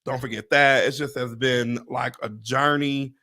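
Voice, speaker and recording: A man hosting a livestream chat, telling a story with excitement, acting out what people said, swearing and laughing often. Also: medium pitch, unhurried. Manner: animated, acts out quotes, swears, laughs often. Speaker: real estate agent and livestream host.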